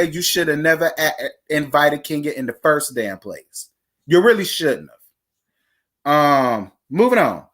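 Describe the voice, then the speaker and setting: A reality TV recap host giving blunt, profane opinions in a casual, chatty way. The voice sits at a middling pitch and keeps talking straight to the viewers. It swings suddenly between fast, high outbursts and slower, lower asides. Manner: animated, with sudden jumps in pitch and speed.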